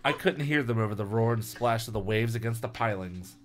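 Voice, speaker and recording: A man's voice: mid-range voice, fairly quick. A man hosting a podcast, reading a book aloud with joking asides and laughing through his reading. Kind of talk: comedic read-aloud with banter.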